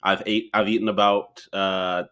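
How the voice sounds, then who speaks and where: A man's voice: on the low side, level tone, measured pace, a bit bright. A young man in his twenties, a podcast guest chatting casually and rambling with many restarts. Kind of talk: casual chat.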